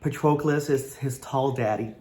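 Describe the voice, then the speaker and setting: A man's voice: medium pitch, normal speed, warm tone. A man giving a casual vlog book review, playful and joking, rambling with frequent asides.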